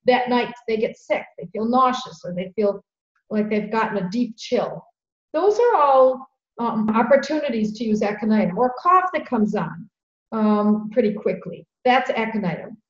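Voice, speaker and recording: A middle-aged woman hosting a podcast, telling a story in an earnest, animated way and repeating phrases for emphasis. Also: on the high side. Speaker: podcast host. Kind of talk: conversational storytelling. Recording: roomy, dull lo-fi sound.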